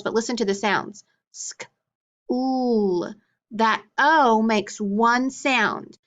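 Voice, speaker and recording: A woman's voice: mid-range voice, fairly bright tone. A woman teaching a phonics lesson to children, praising each answer in an encouraging way. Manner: slow, clear drill pace. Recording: dull lo-fi recording.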